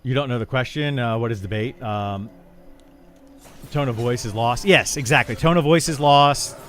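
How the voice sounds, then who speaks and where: A man's voice: mid-range voice, moderate pace, a bit bright, a little hiss or hum. A man streaming live, chatting casually and rambling, often repeating words and restarting sentences as he explains himself to his chat. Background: faint music.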